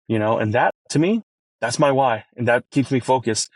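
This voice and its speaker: A chef talking as a podcast guest, telling an emotional family story earnestly, with many restarts. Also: male voice, fairly quick, dry recording. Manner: earnest, many restarts, rises in pitch when moved.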